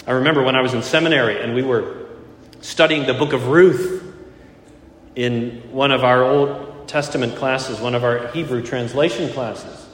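A man's voice: medium pitch, fairly even intonation, moderate pace, a bit bright. A male pastor preaching a morning sermon with earnest emphasis, repeating his key phrases. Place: church sanctuary. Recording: echoey church hall.

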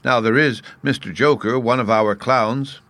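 A man's voice: mid-range voice, steady tone, moderate pace, fairly bright tone, dry recording, close to an everyday voice. A man voicing a frightened, prim young china princess in a storybook reading, his voice raised well above his own. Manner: fearful, then prim and scolding.

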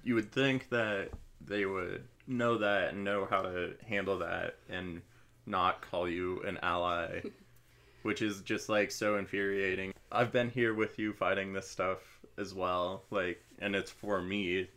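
A man with a very low voice joins a podcast chat as co-host. He speaks earnestly and conversationally, building on what the others have said. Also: little pitch movement, a little slow, sharp tone.

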